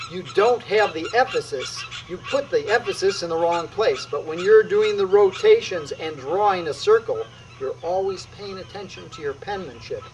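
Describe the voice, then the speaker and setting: Middle-aged male qi gong teacher, upbeat and emphatic, voice on the high side, faint background noise. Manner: energetic, emphatic, punctuating moves with "boom". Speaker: qi gong instructor. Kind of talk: demonstrating exercises on video.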